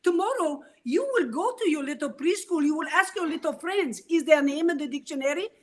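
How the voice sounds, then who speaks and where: A woman's voice: sits high, expressive, a little fast. A woman acting out a proud, emphatic father from Greece and Egypt, with an Arabic accent.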